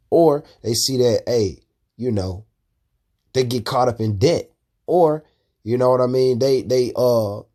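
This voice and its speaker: A man's voice: medium pitch, warm tone. A man giving preaching commentary on a video, who keeps ending his phrases with "man". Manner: repetitive, ends phrases with "man".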